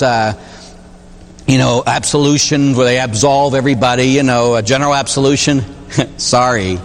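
A man who is a Catholic priest, preaching a sermon in a church with jokes and rhetorical questions. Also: on the high side. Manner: animated, joking, full of rhetorical questions. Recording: long reverb of a large hall.

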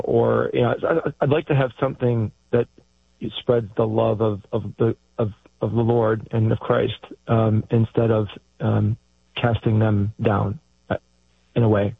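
A man's voice: on the low side, gravelly, slightly rough, no room sound. A man calling into a show, speaking hesitantly with many fillers and restarts. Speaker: caller. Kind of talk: call-in conversation. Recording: tinny dry phone line.

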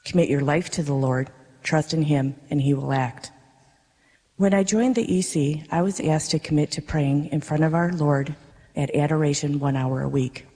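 A woman, a parishioner, reading her personal faith testimony to a congregation in an earnest, measured way. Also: low voice, warm tone. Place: darkened church worship space. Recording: reverberant worship space.

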